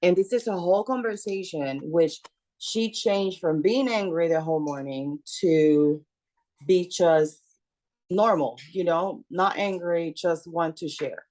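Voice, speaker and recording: Middle-aged mother, low-pitched, unhurried and halting, casual storytelling over a video call. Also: warm tone. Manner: slow, halting with many fillers. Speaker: parent sharing in a support group.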